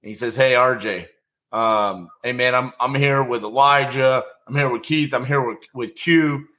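Podcast host guy, bright punchy voice, loose chatty talk. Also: medium pitch, normal speed. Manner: conversational, lots of fillers and restarts. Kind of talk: casual interview chat.

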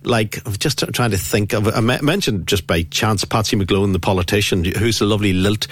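A man's voice: on the low side, normal speed. A man with a County Down accent hosting a casual radio chat, talkative and often repeating a word as he starts. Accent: Northern Irish, County Down. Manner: chatty, repeats words when starting. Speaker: radio host.

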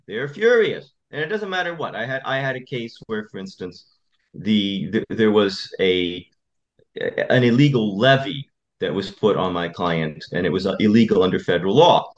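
A man's voice: on the low side, animated, normal speed, dull audio. A male attorney speaking as an interview guest, emphatic and repetitive as he tells stories. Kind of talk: interview conversation.

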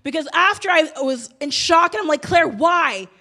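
A woman's voice: very high-pitched, brisk, bright, forceful tone. A woman in her thirties preaching a sermon, telling a personal story with bursts of emotion. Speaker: pastor.

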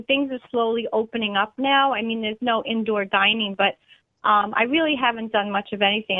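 A woman's voice: medium pitch, no room sound. A middle-aged woman with a New York accent, calling in to a show and chatting upbeat, laughing often, over a tinny phone line. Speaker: caller. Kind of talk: phone-in chat.

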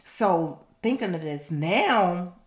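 A woman reading from her own book on a podcast, assertive and animated, breaking off into laughing asides. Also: fairly low pitch, slow pace, roomy sound. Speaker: author and podcast host.

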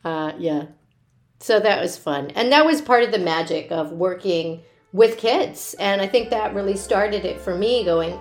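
A woman who works as a children's party performer, casually telling personal stories in an animated way and laughing often. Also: mid-range voice, a little slow, soft background music.

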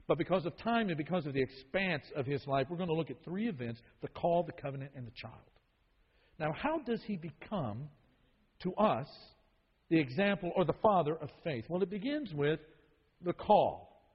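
Emphatic preacher in a reverberant hall. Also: male voice, fairly high pitch, lively intonation, normal speed, husky. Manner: emphatic, repeats key phrases for weight. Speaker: Bible study teacher. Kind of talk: sermon-style Bible teaching. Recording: dull lo-fi sound with long hall reverb.

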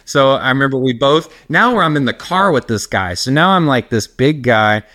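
A man's voice: mid-range voice, animated, moderate pace, bright, forceful tone, no echo, clean studio sound. A middle-aged man, a personal trainer, telling long rambling stories as a guest in a casual interview. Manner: rambling, anecdotal, laughs while telling stories.

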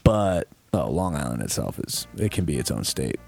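A young man from New York co-hosting a podcast, telling stories in a loose, profane, animated way. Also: extremely low pitch, moderate pace, gravelly, soft background music. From Bedford, New York. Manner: profane, animated storytelling with impressions and laughs. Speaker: podcast co-host. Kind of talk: casual podcast chat.

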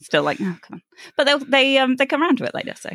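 A woman co-hosting a casual book discussion podcast, chatty, laughing often and throwing in animated asides. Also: sits high, racing, dry recording, clean studio sound. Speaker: podcast co-host.

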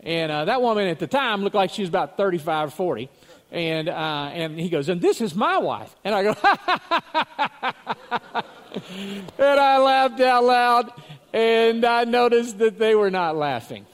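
A pastor delivers his sermon like a chat with friends, his voice pitched high for a man. He spins anecdotes, stops to chuckle, and doubles back on words mid-sentence. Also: animated, normal speed, clean tone. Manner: storytelling, chuckling, repeats words as he goes. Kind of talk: conversational sermon.

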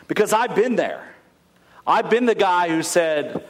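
A man's voice: on the high side, big pitch swings, moderate pace. A male pastor leading communion, telling a scripture story in a conversational way. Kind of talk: sermon.

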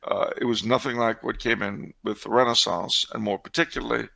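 A man's voice: medium pitch, fairly even intonation, brisk, creaky, pushed and bright. A man answering questions on church history in casual discussion, with wry, digressive, sardonic asides.

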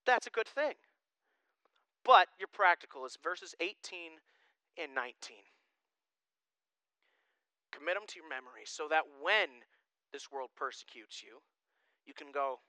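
Male pastor, high, lively voice, bright and crisp; emphatic preaching with quick asides. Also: no echo. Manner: animated, emphatic, jokey asides. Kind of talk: sermon.

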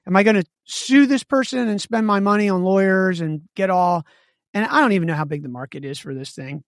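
His voice sits high, captured in clean studio sound without any room sound. This business podcast co-host spins stories with animation, performing both parties in the conversations he recounts.

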